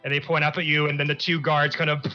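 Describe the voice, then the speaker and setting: A man narrating a tabletop game as game master, in animated, rambling descriptions. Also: on the high side, fast talker. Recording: muffled stream audio with music.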